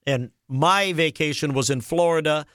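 A man in his forties hosting a radio talk show, telling stories in an animated, exasperated way. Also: a little high, moderate pace, no echo, clean studio sound. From Minnesota. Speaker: radio host. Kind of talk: casual chat. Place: radio studio.

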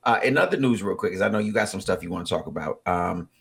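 A man in his forties with a husky voice, chatting casually as a podcast co-host, rambling with many fillers and animated bursts. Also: deep voice, fast. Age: 40s. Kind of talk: casual chat.

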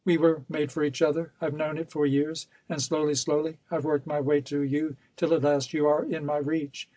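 A man's voice: fairly high pitch, little pitch movement, normal speed, warm tone, no echo, close to an everyday voice. A man voicing a ruthless male villain in a novel reading, cold and insistent, turning coaxing. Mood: villainous. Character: scheming, ruthless male villain, pleading and menacing.

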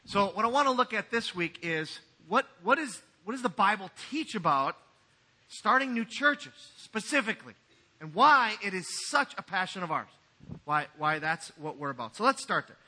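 A man's voice: sits high, sing-song, normal speed, bright, forceful tone. A man pastor giving a sermon in a conversational, joking way.

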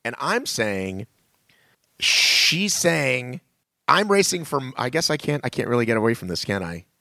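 A man co-hosting a weekly podcast in casual chat, talking in an animated, rambling way with many restarts. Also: mid-range voice, measured pace, vocal fry, no room sound. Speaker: podcast co-host.

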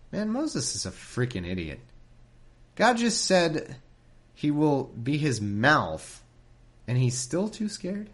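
A man's voice: a little high, sing-song, slow pace, pauses often, breathy edge. A man reading scripture aloud and breaking off into sarcastic, irreverent commentary.

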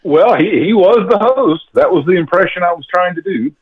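A man hosting a trivia quiz, reading questions slowly and deliberately. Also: sits high, lively intonation, breathy edge, lo-fi sound. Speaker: quiz host.

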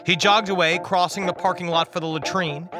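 A man as guest preacher, reading a dark comic story in a wry, dramatic way. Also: high voice, steady tone, a little fast, a crowd in the background. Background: music.

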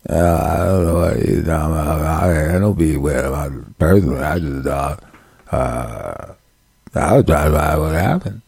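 A man doing a mocking impression of a male rapper, in a low, slurred mumble. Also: moderate pace, creaky, darkish tone, breathy edge, no room sound, full character voice. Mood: mumbling.

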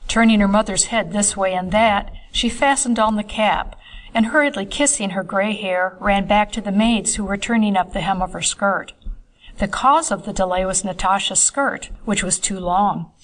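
A woman narrating a classic novel for an audiobook. Her reading is measured and even, and her voice sits at a middle pitch. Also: rough recording. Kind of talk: scripted narration.

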